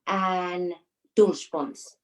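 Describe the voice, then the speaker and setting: A Finnish woman, a dance teacher, answering questions in a casual interview, often pausing and searching for words. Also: on the low side, steady tone. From Finland. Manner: hesitant, searching for words, laughs easily.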